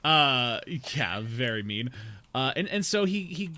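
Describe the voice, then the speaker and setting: A man's voice: mid-range voice, sing-song, measured pace, pushed and bright, poor audio. Guy streamer rambling on casually while playing, mid voice, bit of faint noise. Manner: chatty, rambling explainer. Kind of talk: casual chat while gaming.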